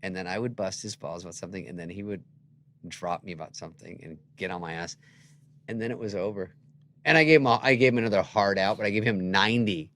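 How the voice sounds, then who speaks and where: A middle-aged comedian telling stories in a casual chat, acting out the people he quotes with sudden loud jumps. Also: sits low, quick pace. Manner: animated, acts out quoted voices with loud jumps. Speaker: guest comedian.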